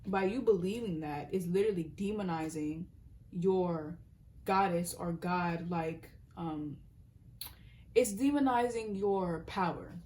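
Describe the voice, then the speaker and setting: A woman's voice: on the low side, slow pace, mellow, a little hiss or hum. A young woman giving a casual tarot reading, talking in a rambling, earnest way and often breaking off mid-thought. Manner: rambling, earnest, self-interrupting, sometimes laughing or dropping to a whisper. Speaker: tarot reader.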